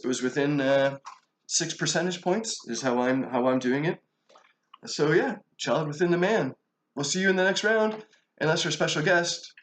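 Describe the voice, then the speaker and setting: A man's voice: a little high, a little hiss or hum. A man hosting his own channel, announcing his pick in a loose, rambling way. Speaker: channel host. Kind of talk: casual vlog commentary. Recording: echoey room.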